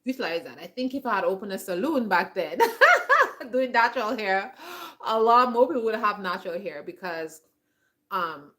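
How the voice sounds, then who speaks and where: A woman's voice: mid-range voice, a bit bright. A woman in her forties talking in a casual, reflective monologue, rambling and restarting her sentences often. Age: 40s. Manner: rambling, with many restarts and "like" fillers. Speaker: homestead vlogger.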